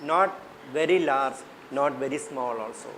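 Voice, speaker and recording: A teacher trainer with an Indian English accent leads a workshop for teachers, questioning the class and repeating his points. His mid-range voice moves a little slowly over a noisy background.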